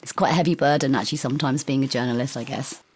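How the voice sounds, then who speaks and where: A woman's voice: rumbling low, rapid-fire, slightly rough. A woman music journalist, a podcast guest who talks effusively and chattily, drifting into philosophical asides. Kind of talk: casual chat.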